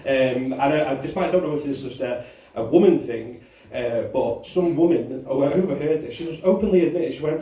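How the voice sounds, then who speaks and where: A man's voice: fairly high pitch, animated, a little fast, warm tone. A man doing a stand-up comedy set in a bar club, brash and sweary, working the crowd. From England. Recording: roomy club sound, audience laughter, mic at a distance. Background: audience laughing.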